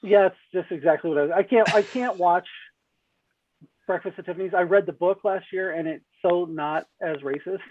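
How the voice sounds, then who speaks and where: A high-pitched man chats as a podcast guest, blunt and jokey, often restarting his sentences. His voice comes through a thin, phone-like line. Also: slight background noise. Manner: blunt, joking, halting restarts. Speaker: guest film reviewer. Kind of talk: casual podcast chat.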